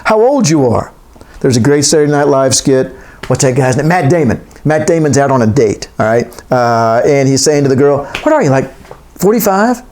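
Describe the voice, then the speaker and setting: A man's voice: mid-range voice, moderate pace, darkish tone. A man giving a classroom lecture, reading from a text and wandering into joking asides.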